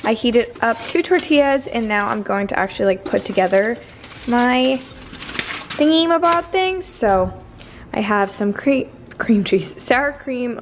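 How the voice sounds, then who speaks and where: A woman's voice: on the high side, a little hiss or hum. A young woman from Canada chatting casually through a day-in-the-life vlog at home, bubbly and laughing often. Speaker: vlogger. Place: home, indoors.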